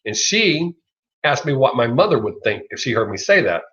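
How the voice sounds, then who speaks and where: A man's voice: mid-range voice, big pitch swings, normal speed, a bit bright. Rambling Southern man on a livestream. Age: middle-aged. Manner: rambling, swears freely, laughs often. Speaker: livestream host. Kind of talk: casual live chat. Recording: lo-fi dull sound.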